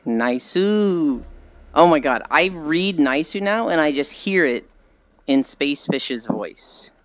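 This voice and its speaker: A woman's voice: deep voice, animated, measured pace, no room sound, highs cut off. A woman streamer chatting casually and rambling with frequent giggles while she walks. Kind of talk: casual chat while walking.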